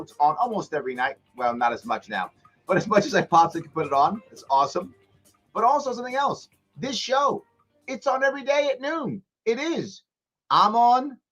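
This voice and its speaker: A male host of a live call-in radio talk show, talking emphatically and swinging between loud punches and hushed asides. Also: fairly high pitch.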